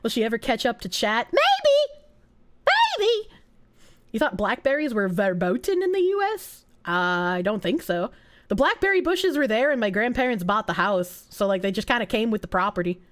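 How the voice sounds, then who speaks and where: A young woman with a Boston accent, streaming and chatting casually with her live chat, her voice a little rough from being sick, swearing and often breaking into high squeals. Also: a little fast. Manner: animated, swearing, frequent laughter, jumps to high squeals.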